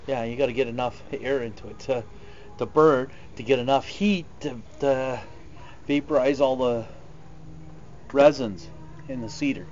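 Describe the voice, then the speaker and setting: A man's voice: medium pitch, fairly even intonation, measured pace, long pauses, darkish tone. Rambling middle-aged man in a chat. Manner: rambling, storytelling. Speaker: host's father. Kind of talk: casual chat. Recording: dull lo-fi sound with faint background noise.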